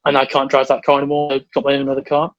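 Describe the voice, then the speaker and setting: Fast-talking young man telling stories. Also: mid-range voice, dry recording, dull audio, soft background music. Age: young adult. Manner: rambling storyteller, quick and excitable. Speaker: podcast co-host. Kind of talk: casual chat.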